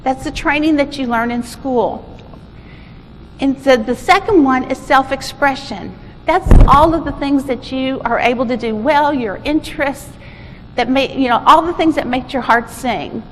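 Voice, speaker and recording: A woman presents at a conference in an informal, storytelling style, often restarting her phrases. Her high voice echoes through a large hall, with faint ambient noise behind. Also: measured pace. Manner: informal, self-correcting, animated storyteller.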